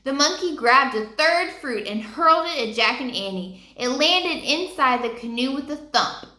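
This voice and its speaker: A woman reading a children's book aloud in an expressive way, stopping to ask her listeners questions. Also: high voice, normal speed. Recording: roomy echo.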